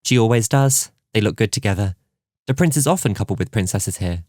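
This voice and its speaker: A man's voice: lowish voice, expressive, brisk, darkish tone, dry recording, clean studio sound. A man voicing a curious, slightly shy young woman newcomer in an audiobook. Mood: earnest.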